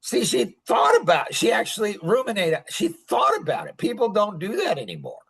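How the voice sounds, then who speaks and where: Male podcast host, slightly high pitch, loose rambling delivery with frequent chuckles. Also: huge pitch swings, moderate pace, a bit bright, breathy edge. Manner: rambling, chuckling, heavy use of "like". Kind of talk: casual podcast chat.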